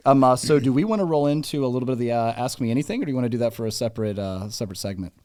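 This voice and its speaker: A man's voice: mid-range voice, racing, a little mellow. A man hosting a casual podcast, rambling with lots of fillers and jokes. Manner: rambling, filler-heavy, jokey. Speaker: podcast host.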